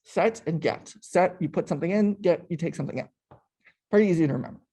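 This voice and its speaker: A man's voice: on the high side, fast, warm tone, breathy edge. A young man running a coding workshop, explaining step by step in a casual, chatty way. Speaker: workshop instructor. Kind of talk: live coding tutorial.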